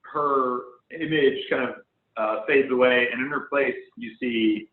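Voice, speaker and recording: Slow, hesitant man on a tinny call. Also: medium pitch. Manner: hesitant, full of ums and restarts. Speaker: game master. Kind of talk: narrating a tabletop game. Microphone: online voice call. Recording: phone-like online call audio, echoey room.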